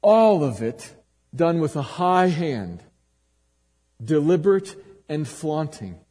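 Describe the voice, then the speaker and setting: A man preaching a sermon dramatically, swinging from loud emphatic lines to low, quiet ones. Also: very animated, slow. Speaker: pastor. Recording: long hall reverb.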